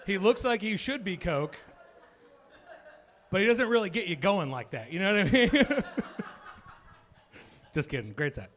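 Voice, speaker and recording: A man's voice: sits high, sing-song, a little slow, pauses often, a bit bright. A man opening his stand-up set in a small club, teasing the host and other comics in a dry way and laughing through his lines. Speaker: stand-up comedian. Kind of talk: stand-up crowd work. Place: small comedy club with a live audience.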